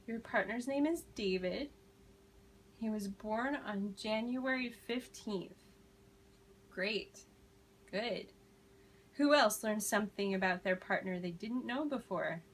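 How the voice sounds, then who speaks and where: Slow-speaking woman teaching a class. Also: medium pitch, slight background noise, low-quality recording. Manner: slow, deliberate modeling of phrases, encouraging praise. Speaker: ESL teacher.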